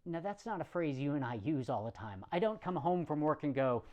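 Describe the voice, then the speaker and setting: A man preaching a conversational sermon in a relaxed, plain-spoken way, with some self-deprecating humor. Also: a little high, a little fast, lo-fi sound.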